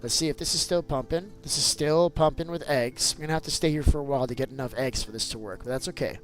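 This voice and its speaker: A man hosting a casual gameplay video, animated and teasing, who keeps calling his child "bud" and breaks into loud bursts of excitement. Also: medium pitch, fast, soft background music. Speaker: gaming channel host and father.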